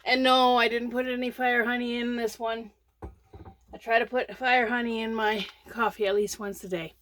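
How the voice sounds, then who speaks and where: A woman's voice: fairly high pitch, level tone, normal speed, a bit bright. A middle-aged woman chatting casually about crochet on her channel, rambling with lots of fillers and restarts, a bit sleepy. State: sleepy, yawning. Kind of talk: casual crochet vlog chat.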